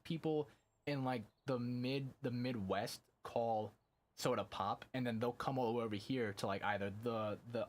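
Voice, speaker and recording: A young adult man chatting casually on a live stream, rambling and packing his talk with fillers and casual swearing. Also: mid-range voice. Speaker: game streamer.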